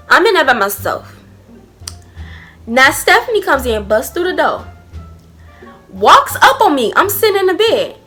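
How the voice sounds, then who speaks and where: Bright, brash young woman storyteller. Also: high-pitched, normal speed, faint music behind. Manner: blunt, profane, animated storytelling. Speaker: vlogger. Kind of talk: storytime vlog.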